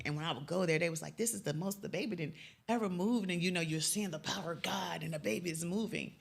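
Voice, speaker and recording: A middle-aged woman, a youth mentor from Chicago's West Side, speaks in a deep, creaky voice during an emotional interview about her faith and loss. Moments that move her bring her down to a near whisper.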